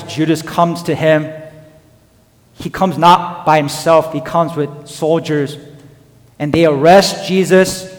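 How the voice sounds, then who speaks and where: A male preacher with a slightly high voice delivers a sermon in an earnest storytelling style. He acts out the voices of the people in the story as he goes. His voice rings with the long reverb of a hall. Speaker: pastor.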